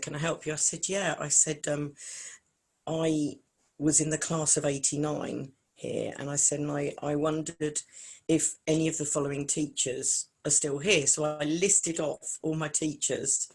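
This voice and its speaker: A woman's voice: deep voice, husky. A woman in her forties, a singer and vocal coach, chatting as an interview guest and acting out the voices in her stories. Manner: animated storyteller acting out quotes. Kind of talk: casual interview chat.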